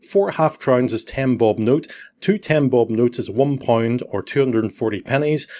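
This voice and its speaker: A man hosting a podcast, explaining things at length in a casual, chatty way. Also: medium pitch. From Northern Ireland. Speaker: podcast host.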